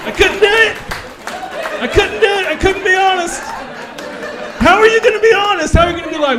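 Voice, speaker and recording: Animated, crude stand-up comedian man. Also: extremely high pitch, normal speed, long pauses, crowd noise. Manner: crude, animated storytelling, acts out dialogue. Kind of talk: stand-up set. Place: comedy club stage.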